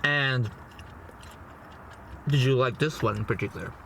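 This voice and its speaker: A man's voice: mid-range voice, measured pace, gravelly, sharp tone, slight background noise. A young man chatting casually in his parked car, eating and reviewing a movie. He rambles, repeats words and says "you know" and "bro" a lot. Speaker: food vlogger and movie reviewer. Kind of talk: casual chat while eating.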